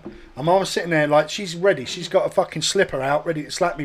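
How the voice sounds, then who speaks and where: A man telling a sweary, animated story on a casual podcast chat, acting out other people's voices. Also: on the high side, fast, husky. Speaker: podcast host.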